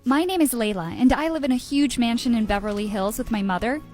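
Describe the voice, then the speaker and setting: A woman narrating a first-person storytime tale in an even, measured way. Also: fairly high pitch. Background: background music.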